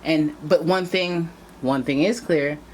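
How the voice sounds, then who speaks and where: A woman's voice: deep voice, slow, darkish tone, slight background noise. A woman doing a casual tarot reading, chatting straight to her viewers and often drifting into playful tangents. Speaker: tarot reader.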